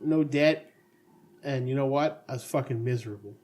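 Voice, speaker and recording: A man's voice: medium pitch, normal speed, a little mellow. A middle-aged man co-hosting a casual podcast chat, joking around and laughing often. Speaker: podcast co-host.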